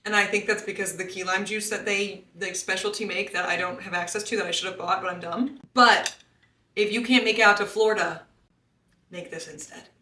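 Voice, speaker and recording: A woman's voice: medium pitch, steady tone, a little fast, pushed and bright, roomy sound. A young woman hosting a casual home baking vlog in her kitchen, chatty and self-deprecating and laughing often. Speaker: baking show host.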